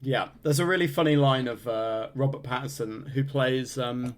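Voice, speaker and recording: A man's voice: medium pitch, moderate pace. A man from northern England co-hosting a podcast, riffing jokily in casual chat with lots of restarts. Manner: jokey, riffing, trailing restarts. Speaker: podcast co-host.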